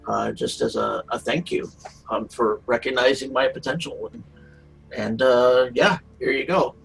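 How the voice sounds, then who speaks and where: Gravelly-voiced male player. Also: mid-range voice, lively intonation, a little slow, a bit bright, soft background music, low-quality recording. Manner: casual, playfully profane reactions. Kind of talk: casual tabletop play.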